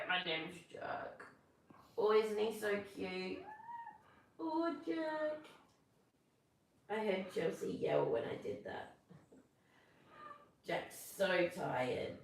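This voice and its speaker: A woman's voice: mid-range voice, recorded from a distance. Chatty woman in an echoey room. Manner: chatty, self-deprecating, tells corny jokes. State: a little sick. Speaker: live stream host. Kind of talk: casual live stream chat. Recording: echoey room, away from the mic.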